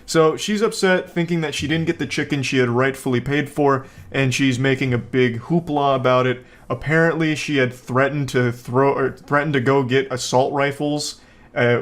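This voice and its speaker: A man hosting a comedic commentary on a viral video, talking in a sarcastic, deadpan way. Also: medium pitch.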